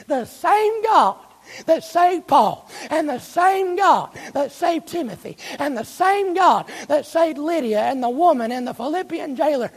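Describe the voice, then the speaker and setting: A man preaching a sermon in a church, emphatic and full of rhetorical questions to the congregation, slowing down to stretch key phrases. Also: very high-pitched. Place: church sanctuary. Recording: long reverb of a church hall.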